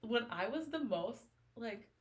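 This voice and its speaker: A woman's voice: a little high, lively intonation, unhurried. A young adult woman co-hosting a podcast, chatting casually and emotionally about a novel and reading passages aloud. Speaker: podcast co-host. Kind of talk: casual book discussion.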